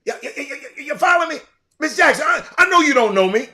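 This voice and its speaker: An older man giving an impassioned monologue as a show host, repeating himself and swinging between loud outbursts and quiet, reflective stretches. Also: extremely high pitch, animated, fast talker. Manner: fiery, repetitive, swinging from shouting to quiet.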